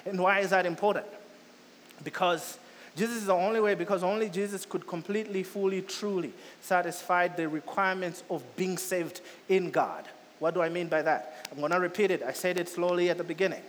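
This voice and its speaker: A little fast, a male pastor delivers his sermon in a high voice, hammering repeated lines, surging to loud, urgent peaks before dropping softer and lower. A long, large-hall reverb trails the sound, along with slight hiss or hum.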